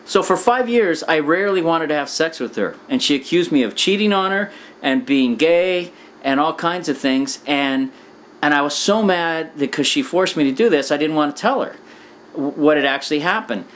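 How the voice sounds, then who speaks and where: A man casually telling a rambling anecdote, full of "you know" and "like", acting out quoted lines with sudden pitch jumps. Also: lively intonation, normal speed, a bit bright, slight background noise. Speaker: storyteller.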